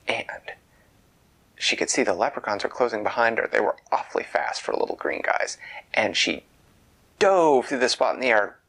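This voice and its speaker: A man narrating a children's bedtime story in a soft, conversational, half-whispered way. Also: medium pitch, vocal fry, poor audio.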